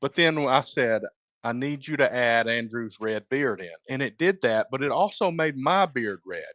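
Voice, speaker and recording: A man's voice: medium pitch, lively intonation, normal speed, a bit bright, dry recording. A man hosting a podcast in casual chat, easygoing and steering the topics. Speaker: podcast host.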